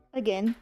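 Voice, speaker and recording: A woman's voice: on the high side, dry recording. A young French woman streaming from home, chatting casually while she crafts, swearing freely and laughing often. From France.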